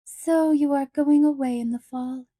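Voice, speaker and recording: A woman's voice: sits high, fairly even intonation, unhurried, dark tone, dry recording, studio quality, pitched above the performer's own voice. A woman reading an audiobook, voicing a wistful, whimsical middle-aged lady who sighs and lingers dramatically over her words.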